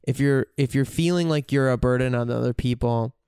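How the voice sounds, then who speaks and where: Candid man talking, smooth dry voice. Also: mid-range voice, brisk, a little mellow, no room sound. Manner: candid, profane, searching for words. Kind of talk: reflective casual monologue.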